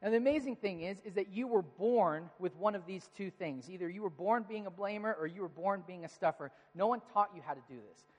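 High-voiced pastor in a big echoing hall. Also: male voice, brisk, few pauses. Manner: storytelling, animated when quoting his kids. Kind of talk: sermon. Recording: long reverb of a large hall.

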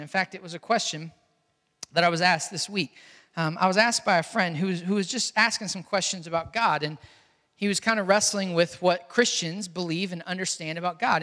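A man preaching a sermon as a pastor, earnest and emphatic, repeating key phrases with pauses. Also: high voice, bright, forceful tone, big-room sound.

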